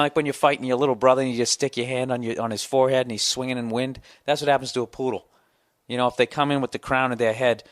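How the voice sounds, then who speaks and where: A man in his forties riffing through a profane comic rant as a podcast host, voice sitting at an everyday middle pitch. The sound is dry and close, with no room around it. He rambles, swears and keeps circling back for emphasis. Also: dry recording. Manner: profane, ranting, animated storytelling. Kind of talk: casual storytelling monologue.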